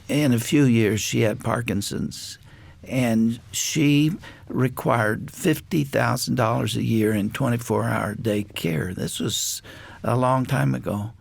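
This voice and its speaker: A man hosting a radio conversation, with a gravelly, creaky edge to a mid-range voice. He tells his story slowly and reflectively, with many small pauses. The recording is close and dry. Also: mid-range voice, dry recording. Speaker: radio show host.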